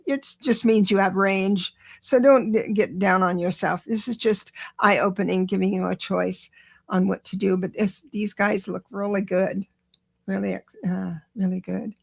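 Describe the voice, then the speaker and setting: A woman hosting a live-stream tarot reading, chatty and encouraging, talking quickly with many restarts. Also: medium pitch, fairly even intonation, vocal fry. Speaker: tarot reader and show host.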